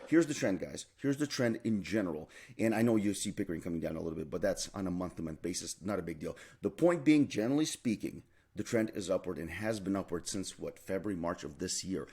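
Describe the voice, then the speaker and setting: A man's voice: low voice, lively intonation, fast talker, a little mellow, breathy edge. A man giving a real estate market update as a realtor, emphatic and repeating his key points, with frequent fillers. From Canada.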